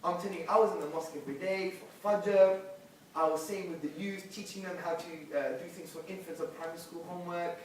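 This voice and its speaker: A man telling a personal conversion story to an audience in emphatic bursts, switching between hushed and loud. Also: sits high, steady tone, fast talker, slight background noise. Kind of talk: animated personal testimony to a live audience. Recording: echoey hall, picked up from a distance.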